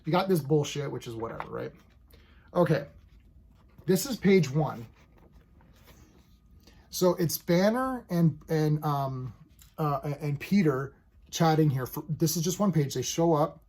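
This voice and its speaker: Excitable male reviewer, husky and slightly high, chatty and animated. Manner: excitable, animated, acts out characters' lines in quick paraphrase. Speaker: comic book reviewer. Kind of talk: casual video review.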